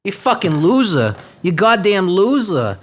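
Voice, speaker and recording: A man's voice: high-pitched, very animated, a little slow. A man in his twenties hosting a satirical podcast, reading news stories aloud and mocking them with profane rants. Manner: profane, mocking, switches into goofy voices. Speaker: podcast host.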